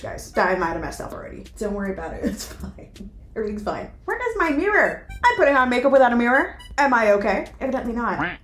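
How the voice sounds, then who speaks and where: Playful young woman vlogger, higher voice with a wide pitch swing; echoey room, faint music underneath. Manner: chatty, playful, self-mocking asides. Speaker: beauty vlogger. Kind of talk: casual makeup tutorial chat.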